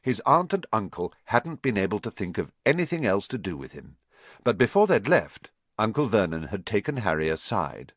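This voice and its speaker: A man narrating a children's storybook audiobook with an expressive, dramatic reading. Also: fairly low pitch, moderate pace, no echo.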